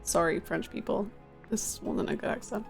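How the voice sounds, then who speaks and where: A woman's voice: mid-range voice, lively intonation, normal speed. Chatty woman streamer over faint game music. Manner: chatty, self-mocking, reads and answers chat aloud. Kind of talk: casual live-stream chat while gaming.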